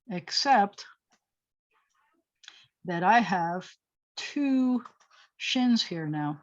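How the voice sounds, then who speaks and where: A woman's voice: medium pitch, expressive, drawn-out words, pauses often. A woman rabbi teaching a Hebrew lesson over a video call, thinking aloud as she writes and correcting herself with chatty asides. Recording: slightly dull video call audio.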